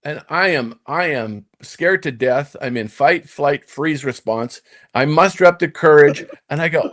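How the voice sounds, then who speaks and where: A middle-aged man, a former pro golfer, telling a tour story to his host, swinging between hushed and emphatic delivery. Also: fairly high pitch, a little slow. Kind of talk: casual storytelling in conversation.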